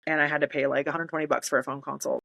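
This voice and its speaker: A woman's voice: sits low, little pitch movement, racing, vocal fry, a bit bright, low-quality recording. A woman, a military veteran telling her story in casual talk, acting out quoted voices and laughing in disbelief.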